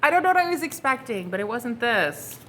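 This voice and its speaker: A young woman doing a casual tarot reading, excitable and flustered, swearing casually and calling her viewers honey and girl. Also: fairly high pitch, brisk, a little hiss or hum. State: flustered and hot. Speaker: tarot reader.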